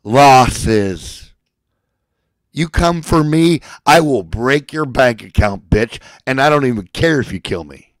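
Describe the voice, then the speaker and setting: A man delivering a furious, profane rant, shouting at times and at others dropping to a low seething threat. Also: lively intonation, takes it slowly, no room sound, poor audio. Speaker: ranting speaker.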